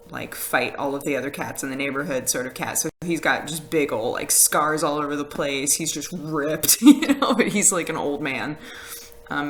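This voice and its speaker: A woman's voice: low voice, a bit bright, slight background noise, rough recording. A woman chatting casually on a live stream, rambling with fillers and laughs as she reads messages from chat. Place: house with a conservatory.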